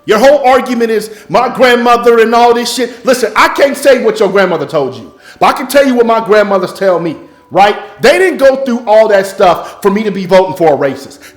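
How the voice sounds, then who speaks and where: A man's voice: high-pitched, expressive, a little fast. A man delivering an impassioned, blunt, profane monologue as a music business coach. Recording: echoey room, faint music.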